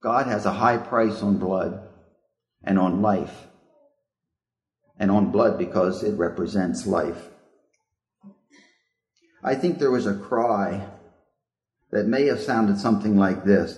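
A man's voice: lowish voice, takes it slowly, long pauses, darkish tone, reverberant. A male preacher giving a sermon in a reflective, questioning way. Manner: reflective, asks the listeners questions.

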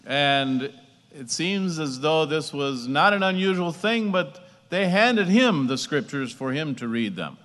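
A man preaching a sermon, slow and emphatic, repeating phrases as he builds. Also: a little high, animated, fairly bright tone, long reverb tail.

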